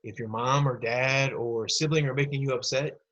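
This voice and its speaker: A man with a slightly husky voice teaches a recorded lesson for students. His pitch sits in the middle for a man. He explains step by step and speaks straight to the kids into a computer mic. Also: steady tone, normal speed, fairly bright tone, dull audio. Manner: patient, explanatory, addresses kids directly.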